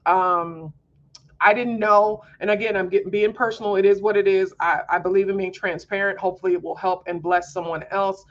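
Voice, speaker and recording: A woman's voice: mid-range voice, fairly even intonation, a little fast, dull audio. A woman hosting a homeschool mom podcast, talking earnestly in a candid personal monologue, confiding and full of fillers.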